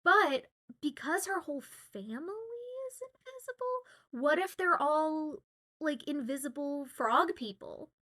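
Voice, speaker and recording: A chatty young woman from Southwest Louisiana talks casually to her livestream viewers while signing. Her voice sits a little high and sounds sharp and bright. She giggles often and leans on "um" and "uh" between thoughts. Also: animated, measured pace. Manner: chatty and giggly, with many fillers. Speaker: voice actor signing autographs on stream.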